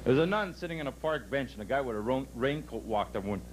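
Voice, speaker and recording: A man doing a brash, punchy stand-up comedy set at a resort club, telling jokes and bursting into loud outbursts. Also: medium pitch, animated, fast talker, few pauses, slight background noise, poor audio. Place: resort club stage before a live audience.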